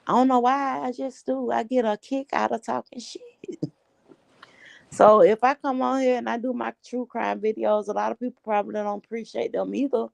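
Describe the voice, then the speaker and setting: Gravelly blunt-talking woman host. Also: on the high side, fairly even intonation, moderate pace, a little mellow, no echo. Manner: blunt, slangy, laughs a lot. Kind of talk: casual group chat.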